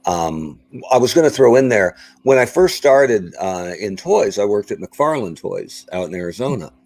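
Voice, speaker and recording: Middle-aged man, husky voice, lively pitch, casual podcast chat, acts out what people said. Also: normal speed, poor audio. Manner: animated storyteller, acts out quoted exchanges. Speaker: guest.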